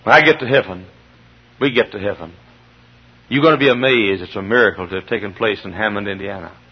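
A middle-aged man preaching a fervent sermon in a church, dropping to low murmurs and then rising to shouted peaks. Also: fairly quick, husky. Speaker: pastor. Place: church sanctuary. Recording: dull lo-fi sermon recording.

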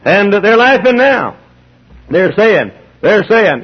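Emphatic preacher, husky. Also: male voice, high-pitched, very animated, slow. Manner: emphatic preaching with repetitions, acting out dialogue. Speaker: pastor. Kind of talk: sermon. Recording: dull lo-fi sermon recording.

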